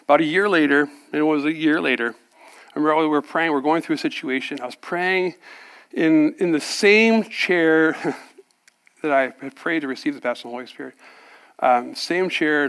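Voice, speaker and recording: A man with a slightly higher voice preaches a personal testimony. He tells his story animatedly, often voicing the people in it and laughing along the way. His delivery rises and falls between energy and quiet reflection. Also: normal speed, clear, resonant tone. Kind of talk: sermon testimony.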